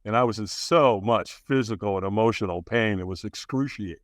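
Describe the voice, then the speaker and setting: Here a podcast guest in his sixties recounts his life frankly and earnestly, with fillers, restarts and acted-out quotes, in an interview built on candid personal storytelling. He talks briskly with few pauses in a lowish voice. The recording is dry and studio-clean.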